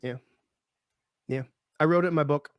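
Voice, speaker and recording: A man, the guest of an interview, telling a personal story in a lively way and acting out the people in it. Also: on the high side, normal speed, clear, resonant tone, no room sound, muffled recording. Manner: lively, acts out voices in his stories. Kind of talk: animated storytelling.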